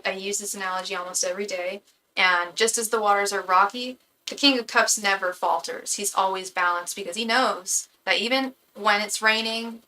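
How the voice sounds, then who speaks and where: A woman's voice: medium pitch, bright, forceful tone, poor audio. A woman tarot reader giving a live reading to her chat in a casual, chatty way, often stumbling and repeating words as she talks.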